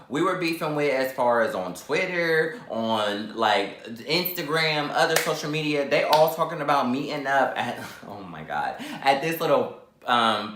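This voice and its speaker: A man in his twenties telling a dramatic story in a sassy, animated way, acting out the quotes. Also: medium pitch, roomy sound, a little hiss or hum. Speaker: vlogger. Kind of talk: storytime while eating.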